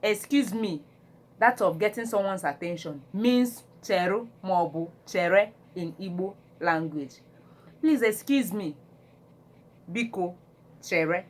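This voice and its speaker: Woman teaching phrases real slow, says each one twice, english then igbo. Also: mid-range voice. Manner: animated when acting out phrases. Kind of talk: slow phrase-by-phrase language lesson.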